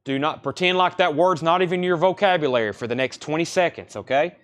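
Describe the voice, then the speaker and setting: Brisk man calling out record prices. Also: a little high, fairly bright tone. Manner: brisk, repeats titles and prices. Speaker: live record sale host. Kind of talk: live-stream sales patter. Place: record store.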